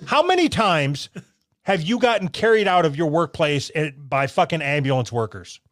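A man's voice: fairly high pitch, big pitch swings, normal speed, a bit bright, no room sound. A man co-hosting a podcast, trading crude, teasing insults in casual banter. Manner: teasing, profane, argumentative. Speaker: podcast co-host.

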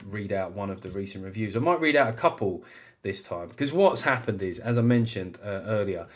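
British male podcast host, mid-pitched, wry and chatty, laughs at himself. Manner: chatty, wry, self-mocking, laughs often. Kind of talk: casual chat and reading listener reviews.

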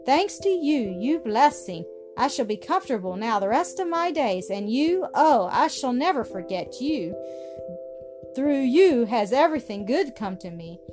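A woman voicing a poor, gentle elderly spinster who speaks tenderly and with wonder. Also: fairly high pitch, big pitch swings, measured pace. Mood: overjoyed. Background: music.

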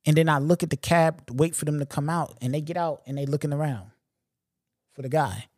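A man's voice: a little high, brisk, darkish tone, no echo, clean studio sound. Profane, slangy New man telling stories. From Long Island, New York. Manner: loose, profane, slangy, lots of "you know what I'm saying". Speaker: podcast host. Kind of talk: casual storytelling monologue.

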